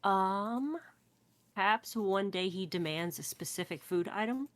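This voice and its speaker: A woman co-hosting a casual brainstorming chat, playful and quick to agree and build on ideas. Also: mid-range voice, fairly bright tone. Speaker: podcast co-host.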